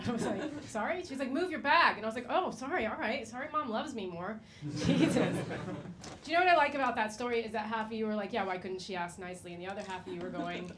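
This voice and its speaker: A woman's voice: a little high, quick pace, noisy background. Swearing woman stand-up comic. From Egyptian. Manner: casual, swearing, storytelling with quoted voices. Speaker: stand-up comedian. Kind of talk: stand-up comedy routine. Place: comedy club stage.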